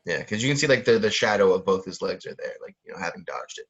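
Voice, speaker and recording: A man's voice: low voice, sing-song, fast, slightly rough, dull audio. A man co-hosting a casual chat, rambling with lots of fillers and frequent laughs. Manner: rambling, many fillers, laughs often, mimics sound effects. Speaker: podcast co-host.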